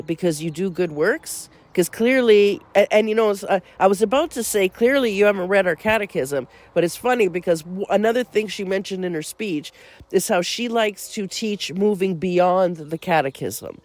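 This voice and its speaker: A woman's voice: medium pitch, a little mellow, no echo. A woman hosting a faith podcast, talking earnestly in a monologue that turns incredulous and indignant. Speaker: host.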